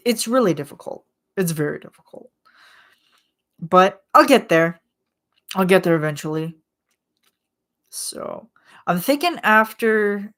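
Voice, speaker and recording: A woman chatting casually to her channel in a lowish voice. She talks slowly and rambles, with plenty of filler words and quick laughs. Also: a bit bright. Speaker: channel host. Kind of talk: casual monthly chat vlog.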